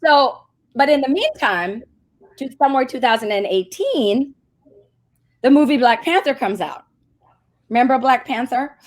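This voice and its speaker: A woman's voice: high-pitched, moderate pace, pauses often. A woman, a marketing agency CEO, telling a story as a guest in a casual interview and acting out the voices she quotes. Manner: animated, acts out quoted voices.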